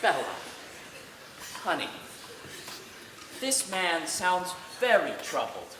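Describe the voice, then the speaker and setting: An actor plays a blustering, sarcastic tough-guy brother in a live stage show. The voice is bright and bounces between high and low. It is picked up from far off, in a long, echoey theater hall with a faint hiss. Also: sing-song. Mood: coaxing. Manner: fast, sarcastic interrogating, rising to shouts. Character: blustering tough-talking man, Bella's brother Louie. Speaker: stage actor in a school play.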